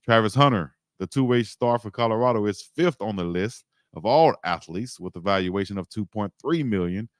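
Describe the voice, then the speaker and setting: A man doing casual live-stream sports commentary, chatty and animated, who drawls out his words and laughs often. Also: fairly low pitch, moderate pace, few pauses, no echo, studio quality.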